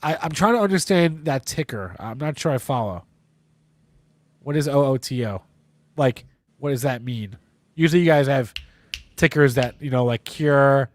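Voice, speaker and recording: A man's voice: medium pitch, animated, normal speed, pauses often. A man hosting a live market show, congested with a stuffy nose and rambling in a self-deprecating way. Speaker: livestream host.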